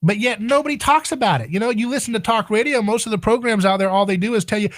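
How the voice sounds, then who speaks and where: A man's voice: sits high, quick pace, hardly any pauses, fairly bright tone, no echo. A man hosting a talk radio show, delivering an opinionated monologue with sarcastic, rhetorical asides.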